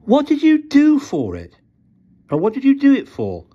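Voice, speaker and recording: A scornful teenage boy who leads a gang, his voice pitched high and quick with questions, as a man reading a story puts him on. The sound is dull and lo-fi. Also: wildly swooping pitch, warm tone, heavily acted.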